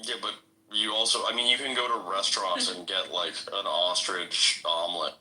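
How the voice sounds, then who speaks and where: A man's voice: low voice, fairly even intonation, moderate pace, sharp tone, poor audio. A man in a casual group podcast chat who talks in an incredulous way, with lots of "like" and casual swearing.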